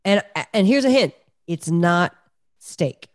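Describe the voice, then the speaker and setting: A woman's voice: fairly low pitch, animated, takes it slowly, no room sound, studio quality. A woman co-hosting a podcast in casual chat, teasing and laughing as she talks. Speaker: podcast co-host.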